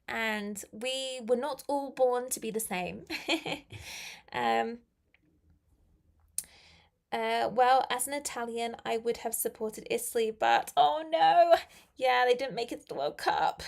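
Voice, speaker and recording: A woman's voice: on the high side, slow pace, vocal fry. A young British woman from England, chatting casually as she teaches a live English class and reads viewer comments aloud.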